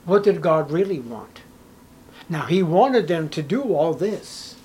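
A male pastor preaching a sermon, emphatic, swinging between hushed lines and raised, punchy ones. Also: fairly high pitch, expressive, slow pace, rough recording.

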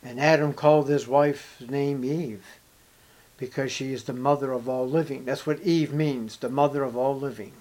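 A male pastor preaching a sermon, swinging dramatically from loud scripture reading to hushed, emphatic asides. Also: medium pitch, steady tone, moderate pace.

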